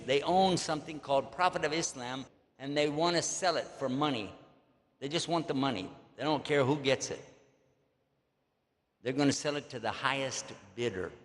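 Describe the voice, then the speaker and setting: An older man with a Texan accent, telling stories in a folksy, joking way to an audience as an Islamic preacher. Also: medium pitch. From Texas. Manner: folksy, joking, drawling asides. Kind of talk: storytelling lecture to an audience. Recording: long echo of a large hall.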